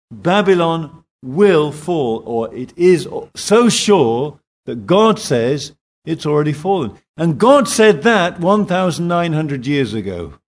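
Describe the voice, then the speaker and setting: Slow and emphatic, a man preaches to a Singapore congregation, and his intonation jumps around with real liveliness.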